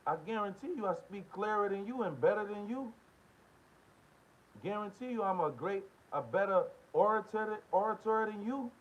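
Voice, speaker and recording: Ranting high-voiced American man, lo-fi. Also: animated, moderate pace. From United States. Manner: confrontational, profane, repeats short questions. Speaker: political commentary host. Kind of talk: heated monologue rant. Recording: dull lo-fi audio.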